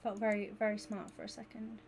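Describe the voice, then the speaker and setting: A woman, chatting casually and excitably with viewers during a gaming stream. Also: medium pitch, a little fast, gravelly, a little hiss or hum. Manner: excitable and gushing, chatting with viewers while she plays. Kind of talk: casual live-stream chat.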